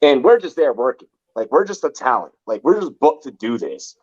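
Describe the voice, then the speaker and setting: A man's voice: medium pitch, big pitch swings, a little fast, a little mellow, lo-fi sound. A man from Los Angeles hosting a podcast, telling a story in casual chat, rambling and profane with constant "like" fillers. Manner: rambling and profane, heavy use of "like". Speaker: podcast host.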